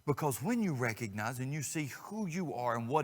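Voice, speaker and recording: A man preaching a sermon as a guest speaker, folksy and conversational, dropping to a hush and rising loud as he acts out quotes. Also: mid-range voice, big pitch swings, moderate pace, hardly any pauses. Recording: long reverb of a church sanctuary.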